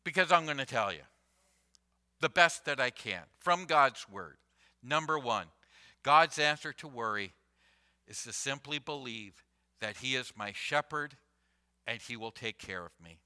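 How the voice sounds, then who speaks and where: A man preaching a Sunday sermon as pastor, deliberate and emphatic, repeating key phrases for weight. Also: mid-range voice, expressive, bright, forceful tone, clear, resonant tone.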